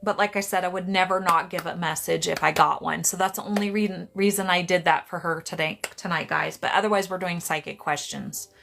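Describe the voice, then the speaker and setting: A woman's voice: fairly low pitch, fairly even intonation, brisk, creaky, few pauses, fairly bright tone, slight background noise. A woman doing psychic readings on a live stream, chatty and rambling, often breaking off to greet viewers by name. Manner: chatty, restarts a lot, talks to viewers by name.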